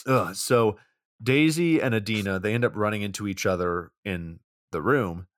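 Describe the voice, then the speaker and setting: A man's voice: lowish voice, normal speed, no echo, clean studio sound. A young man casually recapping a movie's plot on a podcast, rambling along with plenty of fillers. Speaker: podcast co-host.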